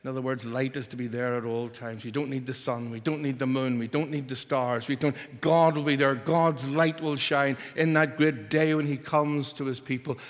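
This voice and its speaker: A man preaching a sermon, emphatic and building to forceful repeated declarations. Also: mid-range voice, fairly even intonation, moderate pace, hardly any pauses, long reverb tail.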